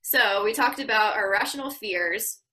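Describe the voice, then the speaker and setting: Bright-voiced young woman co-host. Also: mid-range voice, moderate pace, rough recording. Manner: candid and self-deprecating. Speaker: podcast co-host. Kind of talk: casual chat.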